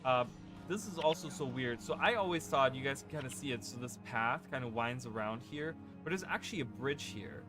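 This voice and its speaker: With a medium-pitched voice, this gaming channel host sounds animated and brisk. He rambles through a casual let's-play on a desk microphone, tossing in fillers and rhetorical "right?" checks, with game music running underneath.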